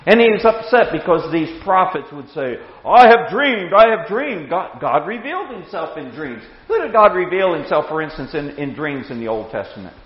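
A man in his sixties teaching a Bible class with anecdotes, animated, chuckling and repeating words as he starts sentences. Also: a little high, fairly quick, few pauses. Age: 60s. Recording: echoey hall, dull lo-fi sound.

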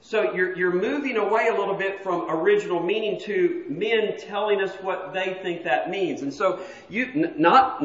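A man preaching an explanatory morning lesson in a church hall, walking listeners through a chart in a plain, teacherly way. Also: a little high. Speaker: preacher teaching a Bible class. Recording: echoey, dull lo-fi room recording.

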